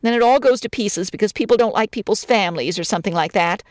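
A woman's voice: mid-range voice, quick pace, no echo, studio quality, close to an everyday voice. A woman reading a story, voicing a touchy young newlywed bride who rambles through wounded, sarcastic complaints. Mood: aggrieved.

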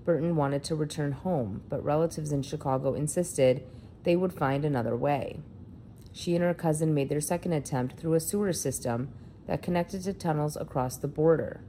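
A woman's voice: low voice, normal speed, warm tone, a little hiss or hum. A woman reading a feature article aloud in a plain narrating delivery.

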